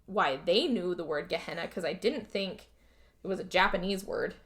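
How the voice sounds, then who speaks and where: A woman's voice: fairly low pitch, normal speed, fairly bright tone. A woman co-hosting a podcast, casually retelling a film's plot with lots of acted-out lines and some swearing. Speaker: podcast co-host recapping a film. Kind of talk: casual chat.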